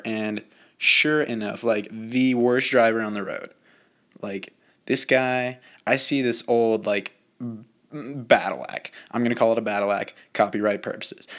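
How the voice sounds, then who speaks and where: A man's voice: mid-range voice, normal speed, a bit bright. Rambling, joking teenage guy. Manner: rambling, filler-heavy, self-mocking. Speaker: student narrating a drawing video. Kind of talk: casual joking narration.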